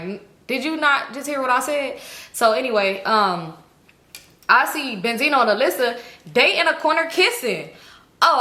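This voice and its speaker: A woman telling a personal story in a casual vlog, animated and full of profanity. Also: mid-range voice. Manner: heavy cursing, animated retelling. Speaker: storytime vlogger. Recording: roomy echo.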